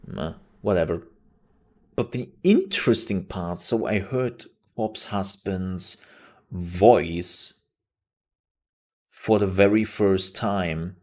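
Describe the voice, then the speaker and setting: A man's voice: low-pitched, lively intonation, takes it slowly, darkish tone. A man hosting a live stream, chatting casually and rambling, with many fillers and restarts. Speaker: streamer and news show host.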